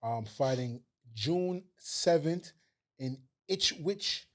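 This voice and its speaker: A man's voice: on the high side, expressive, drawn-out words, a bit bright. A man, a boxer guest talking bluntly and laughing, often stammering. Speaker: heavyweight boxer, podcast guest. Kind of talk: casual chat.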